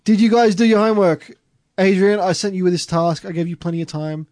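A man's voice: high-pitched, steady tone, brisk, a little mellow, no echo, studio quality. A young Australian man hosting a casual car podcast, joking and reading out listener comments. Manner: laughing, loose and joking, reads out listener comments. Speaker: podcast host. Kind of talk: casual chat.

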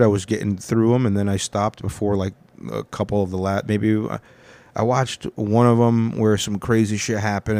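In a fairly low, warm voice recorded with no echo, a young man talks on his own podcast. He meanders through an account of his week, swearing often and running himself down.

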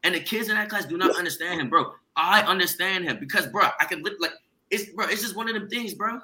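A young man and college student in a heated group discussion, talking rapidly and saying "bro" constantly. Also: high-pitched, sharp tone, rough recording. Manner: rapid, restless, says "bro" nearly every line. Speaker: debate participant.

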